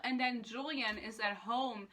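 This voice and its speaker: A woman's voice: a little high, fairly even intonation, unhurried, pushed and bright. A young woman giving a casual, sarcastic book rant, swearing often and filling with "like". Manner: sarcastic, swears a lot, lots of "like". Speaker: book reviewer.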